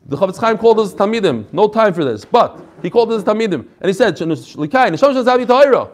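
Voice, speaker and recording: A man's voice: high-pitched, very animated, very fast. A male Torah teacher giving a classroom lecture, reading each phrase and then explaining it with energy, adding chatty asides and jokes.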